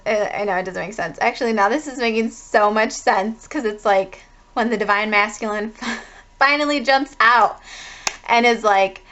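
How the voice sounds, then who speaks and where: A woman's voice: fairly high pitch, unhurried, fairly bright tone, highs cut off. A woman giving a casual spiritual tarot reading, rambling with lots of "like" and the odd swear word. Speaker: tarot reader.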